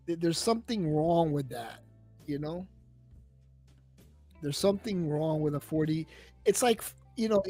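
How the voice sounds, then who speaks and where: Husky, profane livestream host. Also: male voice, fairly high pitch. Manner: profane, rambling, animated storytelling. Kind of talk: casual chat.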